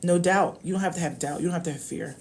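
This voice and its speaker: A woman's voice: lowish voice, quick pace, darkish tone. A woman coaching on love, talking casually and emphatically to viewers on a live stream. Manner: emphatic, preachy, addresses viewers as y'all.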